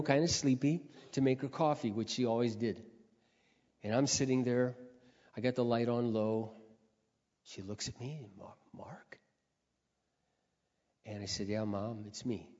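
Preacher, male, earnest storytelling sermon that builds to loud exhortation, long reverb, muffled lo-fi sound. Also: medium pitch. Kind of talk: testimony sermon.

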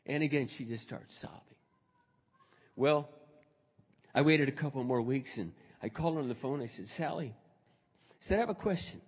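A male pastor preaching a sermon, moving from quiet storytelling to loud, fervent preaching. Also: mid-range voice, moderate pace, pauses often, breathy edge. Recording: dull recording in a reverberant hall.

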